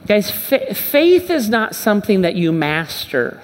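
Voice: mid-range voice, sing-song, unhurried. Pastor preaching in an echoing hall. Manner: conversational, repeats and restarts phrases, acts out Bible dialogue. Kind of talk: sermon. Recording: long reverb of a large hall.

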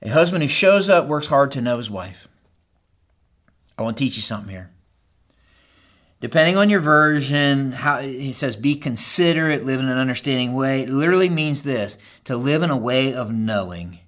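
A middle-aged pastor preaching a sermon, talking straight to the men in the congregation and swinging between loud urging and hushed asides. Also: male voice, medium pitch, lively intonation, moderate pace. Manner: talks straight to the men in the crowd.

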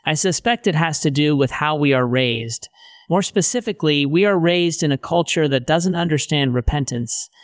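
Middle-aged male author-narrator, steady wry teaching read, clean resonant voice. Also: mid-range voice, clear, resonant tone, no echo, studio quality. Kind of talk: audiobook narration of a Christian teaching book.

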